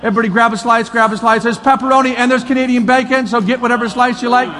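High-voiced pastor in a echoing hall. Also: male voice, racing. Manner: energetic, coaxing, repeats commands. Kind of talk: lively sermon demonstration. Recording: long hall reverb, faint crowd.

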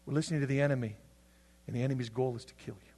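A male pastor preaching a sermon, swinging between loud, impassioned passages and hushed, intense ones. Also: mid-range voice, fairly even intonation, racing. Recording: long hall reverb.

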